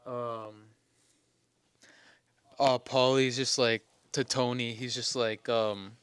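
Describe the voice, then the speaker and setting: Smooth-voiced young man rambling through stories. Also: mid-range voice, little pitch movement, slow, a bit bright, dry recording. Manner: rambling storyteller, lots of fillers and self-corrections. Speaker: podcast co-host. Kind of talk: casual chat.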